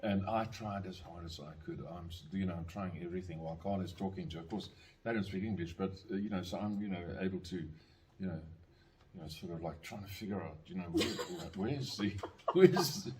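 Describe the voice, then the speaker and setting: An older man with a somewhat low voice, telling a story in a loose, rambling way, full of restarts and little chuckles. Faint noise sits under the recording. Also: expressive, brisk. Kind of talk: casual anecdotal storytelling.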